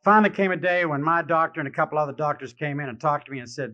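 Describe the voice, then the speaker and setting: A man in a convention hall, speaking from a podium in a slightly high voice, mixes self-mocking humor with halting emotion and frequent restarts. It is a dull, lo-fi archival recording, as if played from an old tape. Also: steady tone, pushed and bright. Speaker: speaker sharing his recovery story. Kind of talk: live personal testimony speech.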